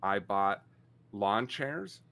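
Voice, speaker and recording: A man's voice: fairly low pitch, lively intonation, very slow, sharp tone, slight background noise. A man in his forties, co-hosting a podcast in casual chat, rambling and self-mocking. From Canada. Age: 40s. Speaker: podcast co-host.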